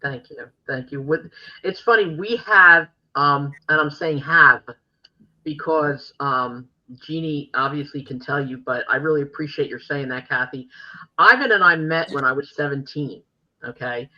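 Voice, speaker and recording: Woman, podcast host, chatty storyteller, piercing bright tone, muffled lo-fi audio. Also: sits low, unhurried. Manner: chatty storytelling with many fillers and restarts. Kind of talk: casual interview chat.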